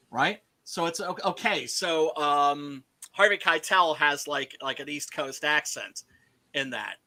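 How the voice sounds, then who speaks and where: A man's voice: fairly high pitch, pushed and bright. A man hosting a casual film discussion, emphatic and swearing freely, often checking in with "right?". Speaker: podcast host.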